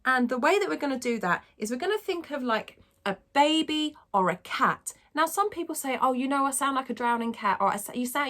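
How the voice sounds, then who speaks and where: A woman vocal coach teaching a singing lesson, explaining technique and demonstrating squeaky sung vowels. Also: animated, brisk, few pauses, fairly bright tone.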